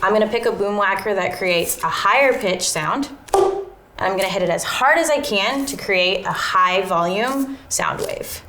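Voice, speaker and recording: A woman explaining a classroom music activity step by step, in a clear and methodical way. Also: mid-range voice, expressive, unhurried, fairly bright tone, reverberant, a little hiss or hum. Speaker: teacher. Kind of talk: instructional lesson narration.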